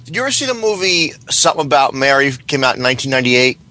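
A male caller rambles and stammers as he chats on a podcast. His voice is bright and swings widely in pitch. He keeps restarting his sentences. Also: sing-song, racing. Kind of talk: casual phone-in chat.

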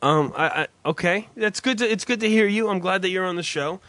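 A man hosting a comedy podcast, teasing and exasperated, loud and profane. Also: high-pitched, a little fast, no room sound. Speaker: podcast host.

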